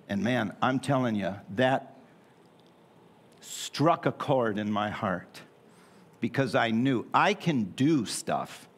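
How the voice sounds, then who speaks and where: A man's voice: fairly high pitch, expressive, slow pace, a bit bright, husky. A middle-aged man preaching a sermon in a church in a folksy, joking way with playful asides. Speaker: pastor. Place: church sanctuary.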